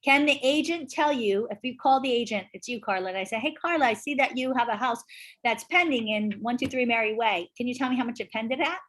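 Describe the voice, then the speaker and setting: A woman with a slightly high voice teaches a class in a casual, chatty way. She speaks briskly and with emphasis, and she keeps checking in with the group through questions. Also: a bit bright. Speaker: real estate instructor.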